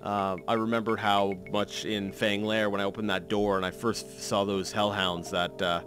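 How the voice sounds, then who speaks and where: A man's voice: lowish voice, little pitch movement, normal speed, over music. A man in his thirties giving rambling, self-mocking commentary while playing a game, full of restarts and fillers. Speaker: let's play commentator. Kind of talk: gameplay commentary.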